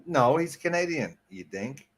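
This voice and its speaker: A man's voice: medium pitch, lively intonation, measured pace, fairly bright tone, slightly rough. An American man in casual chat, brash and argumentative, swearing freely. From United States.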